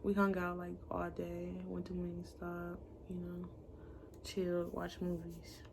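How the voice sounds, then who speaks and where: A woman's voice: lowish voice, monotone, takes it slowly, creaky, slight background noise. A young woman telling a story in a casual vlog, blunt and profane, acting out the voices of the people she quotes.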